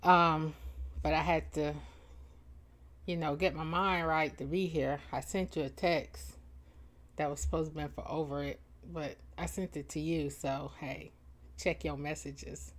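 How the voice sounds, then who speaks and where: Slow, low-voiced woman hosting a stream. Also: steady tone. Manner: greets viewers by name, playful teasing banter; laughs often between lines. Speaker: livestream host and chat moderator. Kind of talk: casual livestream chat.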